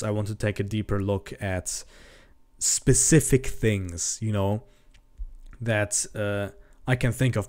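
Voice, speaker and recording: A man's voice: on the low side, darkish tone. A man chatting on a livestream in a casual, profane, ranting way that grows heated. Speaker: streamer. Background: faint background music.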